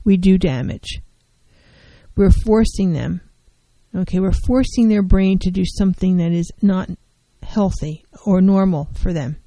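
Earnest woman counselor, mellow dry voice. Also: on the low side, a little slow, no room sound, poor audio. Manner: earnest, emphatic, repeats key phrases. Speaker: licensed professional counselor. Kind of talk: educational talk on mental health.

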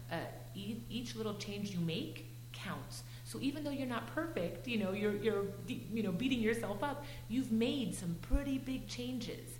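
A woman's voice: a little high, a little mellow, slight background noise. Woman counselor explaining in a roomy space. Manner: explanatory, reassuring, asks checking questions. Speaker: nutrition counselor. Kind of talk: casual counseling chat.

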